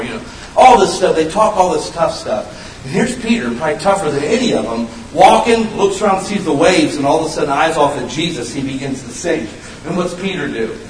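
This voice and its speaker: A male pastor preaches with a lot of energy, jumping from loud, high outbursts to quiet, low asides. His voice sits on the high side for a man. The room is echoey, and the mic picks him up from some distance, with a faint background hum. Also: a little fast. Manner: animated, swings from loud high bursts to low hushed lines. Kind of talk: sermon. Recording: roomy echo, mic at a distance.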